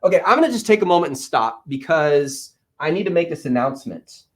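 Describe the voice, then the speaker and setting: A man in his thirties, an Amazon seller coach, hosts a live-stream Q&A from an office, answering chat questions about selling. His voice is a little high and brisk, and he teases in an energetic, playful way.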